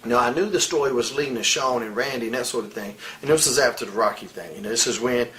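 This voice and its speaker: A man in his forties speaks in a candid, heated interview, blunt and full of profanity. His voice sits at a middle pitch. Faint noise runs under the recording. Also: fast, a bit bright, rough recording. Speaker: interviewee, wrestler.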